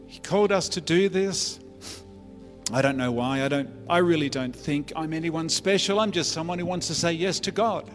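Earnest Australian pastor in an echoey hall. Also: male voice, a little high, normal speed. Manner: earnest, conversational storytelling with many restarts. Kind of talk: sermon testimony. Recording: echoey church hall with faint music.

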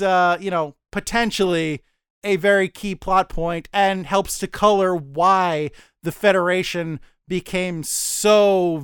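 A man's voice: high voice, fairly bright tone, clean tone, dry recording, studio quality. A man co-hosting a podcast, recapping a TV episode in a rambling, self-deprecating way with mock-dramatic asides. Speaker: podcast co-host.

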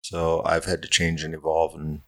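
Deep gravelly-voiced man telling blunt stories. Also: completely flat delivery, normal speed, a bit bright. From Southern California. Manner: blunt, profane, self-mocking storyteller. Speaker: guest, fire captain. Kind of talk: casual storytelling interview.

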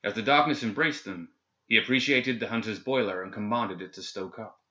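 Low-voiced man narrating a story. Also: fairly quick, bright, forceful tone. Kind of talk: audiobook narration. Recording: echoey, slightly dull recording.

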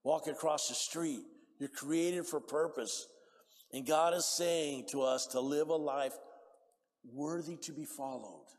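A male preacher with a fairly high voice delivers an emphatic sermon, calling out for amens from the congregation. He swings between loud, pressing exhortation and quiet, hushed appeals. The sound carries the long reverb of a church hall. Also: slow pace. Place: church sanctuary.

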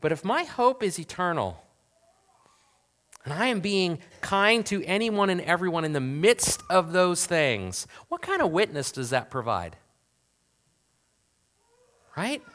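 A man, a pastor, preaching a conversational sermon full of rhetorical questions, swinging from loud emphasis to hushed asides. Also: fairly high pitch.

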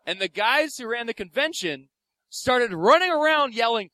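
A young male stand-up comedian from Philadelphia, telling a story with animated, profane energy. His voice sits high and swings widely in pitch. The sound is dry and close. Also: normal speed, no room sound.

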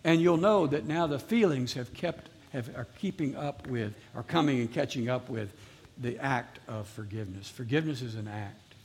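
A man's voice: mid-range voice, normal speed, darkish tone, a little hiss or hum. A man preaching a sermon as pastor to a live congregation, earnestly repeating his exhortations.

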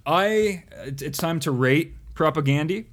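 A man's voice: a little high, expressive, a little slow. A man co-hosting a podcast in casual chat, rambling and self-deprecating, with lots of fillers. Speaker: podcast co-host.

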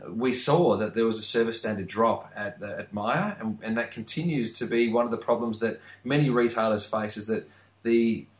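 A man's voice: lowish voice, fairly bright tone, echoey room. A man, chatting earnestly as a podcast co-host. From Australia. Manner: earnest, emphatic, repeats phrases. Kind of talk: casual podcast chat.

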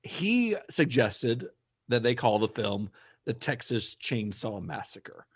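A man co-hosting a podcast, retelling researched history in a casual, steady way with dry asides. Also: medium pitch, slow pace, husky. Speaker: podcast co-host.

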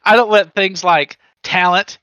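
A man co-hosts a podcast, joking and mocking himself as he gives advice. His voice sits a bit high and sounds bright. The recording is dry and close but slightly dull and lo-fi. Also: steady tone, a little slow, smooth, dry recording. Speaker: podcast co-host. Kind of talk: casual chat.

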